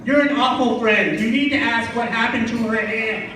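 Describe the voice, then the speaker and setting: A man from Vermont doing stand-up in a small club, sarcastic and ranting, his voice high for a man. The room is very echoey and he sounds distant from the microphone, with a faint hiss underneath. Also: moderate pace. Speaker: stand-up comedian. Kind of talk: stand-up comedy set. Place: small comedy club stage.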